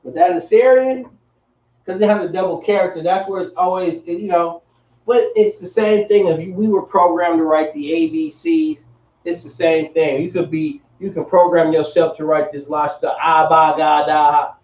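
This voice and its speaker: A man teaching a class in a relaxed, slangy way, repeating himself as he explains. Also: on the high side, moderate pace. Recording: echoey, distant, dull room sound.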